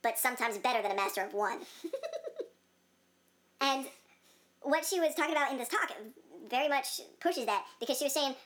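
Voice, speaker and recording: A woman's voice: high-pitched, normal speed, pauses often, fairly bright tone. A young woman in casual chat, rambling with many fillers and laughing often.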